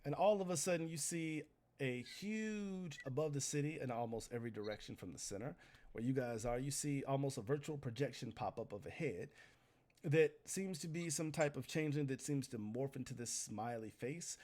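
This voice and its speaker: A man's voice: mid-range voice, moderate pace, a little mellow. A man running a tabletop role-playing game as game master, narrating scenes in a loose, conversational way.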